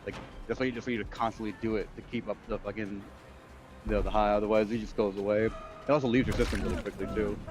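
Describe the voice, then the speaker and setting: Mann, derb fluchender lebhafter Erzähler. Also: male voice, on the low side, fast, music in the background. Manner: animated storyteller, swears often. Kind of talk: casual chat on a game stream.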